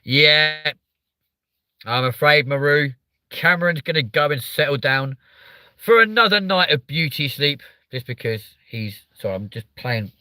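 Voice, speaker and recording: A man's voice: a little high, animated, measured pace, pushed and bright, dry recording. A man from England hosting a live stream, chatting bluntly and swearing often while reading out viewer comments. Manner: blunt, sweary, reads chat aloud. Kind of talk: casual live stream chat.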